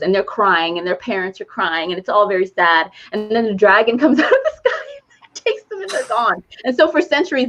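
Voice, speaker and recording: A woman co-hosting a podcast who retells a movie plot in casual chat, animated and laughing as she goes. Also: mid-range voice, highs cut off. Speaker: podcast co-host.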